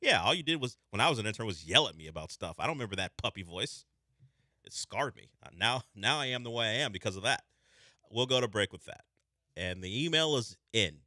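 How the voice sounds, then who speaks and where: A young man hosts sports talk radio in loose, animated banter, his voice sitting low but leaping around in pitch. The tone is bright and forward. The studio sound is dry and close. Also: a little fast, no echo. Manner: animated, breaks into a squeaky voice when mimicking. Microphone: studio microphone.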